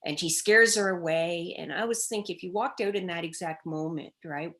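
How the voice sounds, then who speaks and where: Woman telling an animated story. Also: fairly low pitch, moderate pace. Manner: animated storytelling, acting out children's cries in quotes. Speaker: child development expert guest. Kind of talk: storytelling in a conversational interview.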